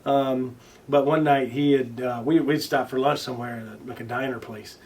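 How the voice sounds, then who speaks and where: A man being interviewed as a guest, telling stories casually, with many restarts and fillers, now and then swearing and loudly acting out what others said. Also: mid-range voice, fairly even intonation, normal speed, recorded from a distance, a little hiss or hum. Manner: swears casually and acts out quoted lines loudly. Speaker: interview guest, recording artist. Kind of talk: casual storytelling in conversation.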